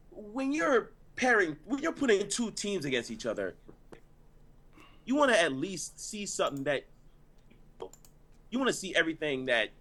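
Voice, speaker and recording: A man co-hosting a casual wrestling review, laughing often and ranting at length. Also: on the high side. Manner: laughing, animated, drawn-out rants. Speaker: wrestling show co-host.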